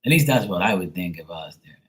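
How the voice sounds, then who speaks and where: Lowish-voiced guy rambling on a live stream, swears a lot, teases chat. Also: expressive, fast, breathy edge, rough recording. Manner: loose, profane, teasing banter with viewers; soft soothing murmur to his dog.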